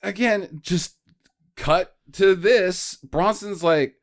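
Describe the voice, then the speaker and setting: A man's voice: sits high, expressive, slow pace. A man hosting a casual movie-mocking podcast, laughing often and acting out characters in mocking voices. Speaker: podcast host. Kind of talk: casual movie-riffing chat.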